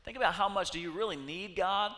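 Bright-voiced man preaching in an echoey hall. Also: high-pitched, brisk. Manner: animated, acts out quoted voices and shouts. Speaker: pastor. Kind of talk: sermon. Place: church hall.

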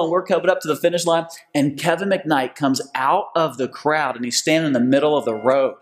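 A pastor giving an energetic, excited sermon. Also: male voice, on the high side, a little fast, hardly any pauses.

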